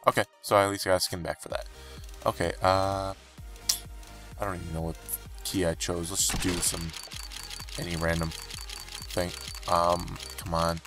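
A young man commenting as he opens game cases, frustrated and pleading, breaking into high outbursts. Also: steady tone, moderate pace, pauses often, fairly bright tone, faint music behind. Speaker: gaming YouTuber. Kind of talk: game case-opening commentary.

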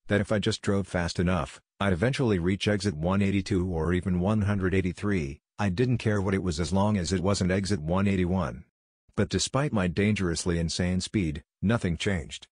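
A man narrating a scripted horror story in a measured, subdued way. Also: sits low, darkish tone, dry recording, clean studio sound.

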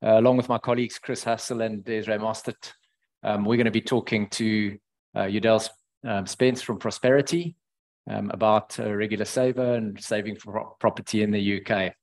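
A man with a South African accent hosting an online finance webinar, talking haltingly with many fillers and restarts. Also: on the low side, steady tone, a little mellow. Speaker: webinar host and financial planner. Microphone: headset.

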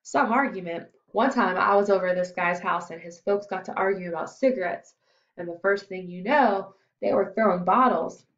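A woman's voice: medium pitch, moderate pace, reverberant, highs cut off, close to an everyday voice. A woman voicing an eager, curious teenage boy who is a boxer, asking many questions.

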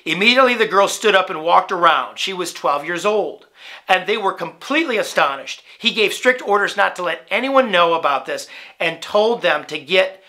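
A man's voice: high voice, sharp tone. A male pastor preaching a sermon in a conversational way, often checking in with "right?", restarting phrases and building to emphatic rhetorical questions.

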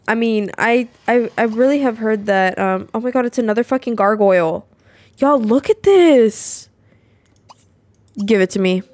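Brief: excitable young woman narrating her game, slightly high voice, dry close sound. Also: no room sound. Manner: chatty and exclamatory, swears and laughs often. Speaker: gameplay video creator. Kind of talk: casual gameplay commentary.

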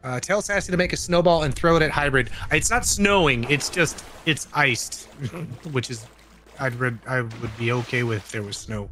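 An easygoing man talks through a co-op survival game in a mid-pitched, bright voice. Faint music plays quietly under his casual chat. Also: normal speed. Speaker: co-op gaming partner.

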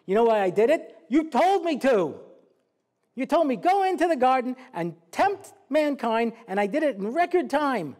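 A man's voice: extremely high pitch, big pitch swings, normal speed, darkish tone, voice pushed up. A man voicing an aggrieved male serpent who complains indignantly that he was treated unfairly.

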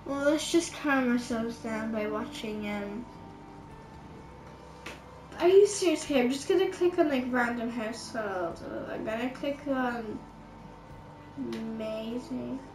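A female gamer with a voice on the high side speaks unhurriedly, pausing often, as she comments casually on her game. Rambling and exasperated, she uses many fillers, and game music fills the roomy, echoing recording.

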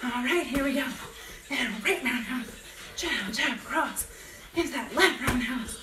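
Music plays in the background of an echoey home workout space where a woman leads kickboxing, calling out combos with upbeat encouragement. Her voice sits high and her pace is measured; she laughs often, grows breathless, and dogs bark nearby.

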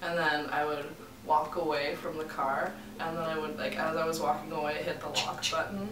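Playful woman co-host, slightly low voice. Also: flat delivery, moderate pace, a crowd in the background. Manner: playful, spins absurd revenge fantasies. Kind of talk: comedic casual chat. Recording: roomy and distant, music behind. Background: music.

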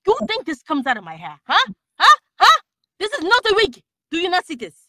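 A woman voicing an indignant female superhero with an accent, sharp and incredulous, in a dry recording. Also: very high-pitched, huge pitch swings, fairly quick, no room sound, pitched above the performer's own voice, full character voice.

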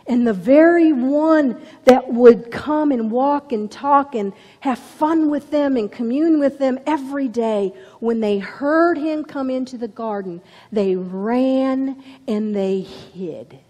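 A woman's voice: high-pitched, takes it slowly, mellow, big-room sound. A woman preaching a sermon with dramatic storytelling, dropping to whispers for emphasis. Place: church.

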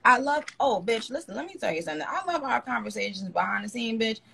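Woman, live-stream host, gravelly voice, blunt and profane teasing, phone mic. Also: on the high side, lively intonation, quick pace, pushed and bright. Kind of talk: casual live-stream chat.

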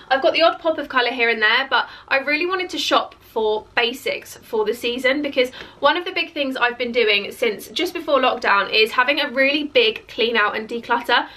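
A woman chatting casually through a clothing haul, her voice croaky and cracking from hiccups, with lots of "like" fillers. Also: on the high side, pushed and bright. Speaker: fashion vlogger. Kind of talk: casual try-on haul chat. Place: bedroom beside a clothes rail.

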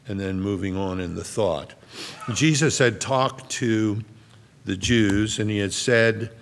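A man's voice: fairly low pitch, slow, in a large hall, a little hiss or hum. A middle-aged male pastor preaching a sermon in a large church, reading scripture aloud with earnest explanation.

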